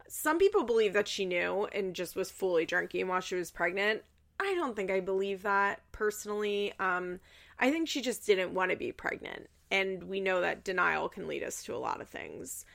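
A woman's voice: medium pitch, gravelly, fairly bright tone. A woman host chatting casually in a recap, chatty and loose with fillers and the odd swear word.

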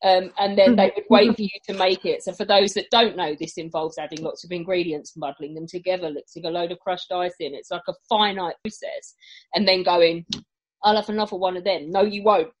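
A woman's voice: on the low side, steady tone. A woman hosting a chat show, swearing and laughing as she trades stories. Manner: swears freely, laughs often, quick to take over. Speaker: show host. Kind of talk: casual banter on air.

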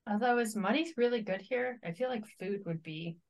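A woman's voice: medium pitch, fairly quick, darkish tone. A woman playing a tabletop game, chatting casually and thinking aloud in a practical way. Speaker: player.

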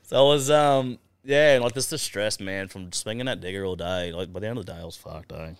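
A low-pitched Australian man yarns through his story as a podcast guest, swearing freely and chuckling along the way. The sound is close and dry. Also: fairly quick, smooth, no room sound. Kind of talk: casual storytelling.

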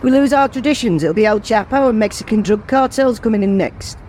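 A woman's voice: a little high, lively intonation, a little fast, darkish tone, slight background noise, natural voice. A woman voicing an indignant, bigoted older village woman who rants in outrage. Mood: outraged. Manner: ranting, outraged.

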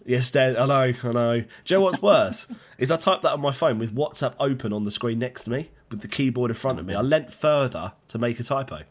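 A man's voice: mid-range voice, fairly quick, hardly any pauses. A young man co-hosting a podcast over a video call, telling stories in a self-mocking way and laughing often. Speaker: podcast co-host. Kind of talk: casual chat.

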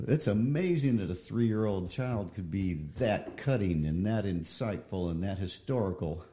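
A man's voice: on the low side, expressive, measured pace, warm tone. A man making wry, joking remarks during a lesson.

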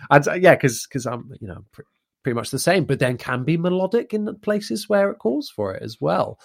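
Male podcast host, upbeat and chatty, quick to laugh, loose rambling questions, casual interview tone. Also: on the high side, lively intonation, vocal fry.

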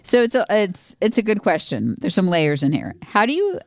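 A woman's voice: mid-range voice, wildly swooping pitch, normal speed, no echo, clean studio sound. A middle-aged woman co-hosting a podcast in casual chat, easygoing and teasing, reading listener questions aloud. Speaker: podcast co-host.

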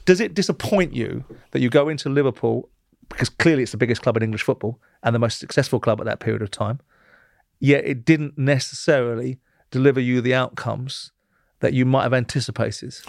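Brief: male host, gravelly voice, quick pace, blunt and confrontational. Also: mid-range voice, no room sound, studio quality. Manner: blunt, challenging, swears. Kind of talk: interview and debate.

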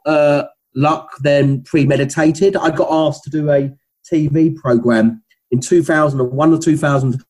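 A man's voice: a little high, darkish tone, poor audio. A middle-aged man with a Cockney accent, a company founder chatting as an interview guest, rambling with many restarts. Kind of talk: casual interview talk.

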